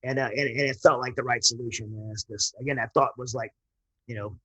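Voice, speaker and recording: A man's voice: medium pitch, fairly even intonation, fairly quick, pushed and bright, poor audio. A man, a military veteran guest, telling his personal story in an earnest, rambling way with frequent restarts.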